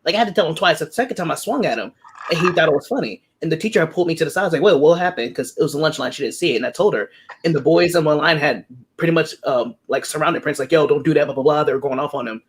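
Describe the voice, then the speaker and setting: Fast-talking young woman telling stories. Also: deep voice, slight background noise. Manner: animated, acts out quoted voices. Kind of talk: casual storytelling chat.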